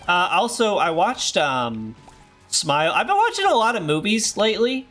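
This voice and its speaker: A hoarse man in his thirties chatting casually and rambling while streaming a game. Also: high-pitched, sing-song, normal speed, fairly bright tone, soft background music. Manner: rambling, self-deprecating, many fillers. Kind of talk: casual gameplay chat.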